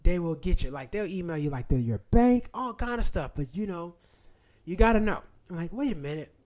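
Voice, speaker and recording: Host, man, blunt and profane, high-pitched and animated. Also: moderate pace. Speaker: channel host. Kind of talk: casual livestream talk.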